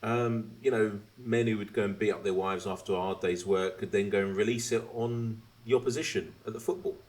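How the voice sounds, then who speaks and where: A very deep-voiced man hosts a casual podcast chat. He rants with animated asides, slips into mocking voices and swears freely. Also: fairly quick. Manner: animated, swearing, mimics others mid-rant. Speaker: podcast host.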